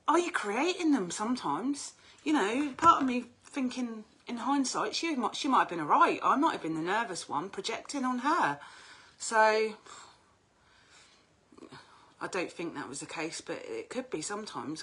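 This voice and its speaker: Middle-aged woman, husky bright voice, casual livestream chat, chatty and salty-tongued. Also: medium pitch. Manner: chatty, animated, swears freely. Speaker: oracle card reader and group host.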